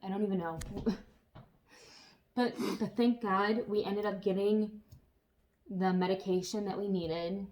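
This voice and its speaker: A vlogger talks casually to the camera, her medium-pitched voice moving at a measured pace with long pauses. She tells stories in an animated way and swears now and then.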